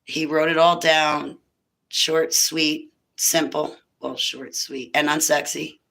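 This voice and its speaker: Slow and level, with vocal fry and a low, fairly bright voice, a woman in her fifties speaks on spiritual warfare. Her casual monologue about faith rambles loosely, breaking into laughter and emphatic preaching, all on a rough recording.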